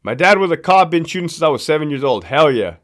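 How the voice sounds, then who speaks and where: A former prison guard from Southern California, speaking with a local accent, hosts a casual live stream and answers viewer questions in a slangy, profane, loose storytelling style. His voice is a little high, fairly bright, and sing-song, and he talks fast.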